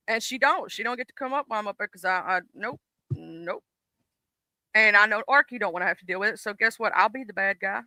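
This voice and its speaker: A man with a Southern US accent hosting a casual stream chat, animated and swearing freely. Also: sits high, fairly quick, no room sound. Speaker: stream host.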